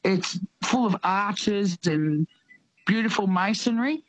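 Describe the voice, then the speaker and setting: Aussie woman calling in to radio, slow and heartfelt, dry close sound. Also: medium pitch, no room sound, rough recording. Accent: Australian. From Australia. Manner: slow, heartfelt, repeats words. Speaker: caller. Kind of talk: radio call-in chat.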